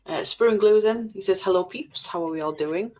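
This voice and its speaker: A woman's voice: medium pitch, fairly quick, low-quality recording. A woman co-hosting a live stream in casual chat, reading viewer comments aloud with dry, jokey swearing.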